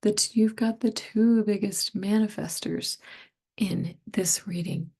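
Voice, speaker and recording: A middle-aged woman talks through a tarot reading, her voice hoarse and fading, with many words coming out as a breathy near-whisper. She speaks slowly and gently, musing as she goes. Her tone is low and mellow, with a gravelly fry at the ends of phrases. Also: fairly even intonation. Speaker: tarot reader.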